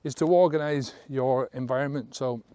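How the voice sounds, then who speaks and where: A sobriety coach talks to camera in a medium-pitched, mellow voice that's clear and resonant, at a moderate pace. He's earnest and blunt in coaching people to give up drinking, swearing casually and asking "right?" as he goes.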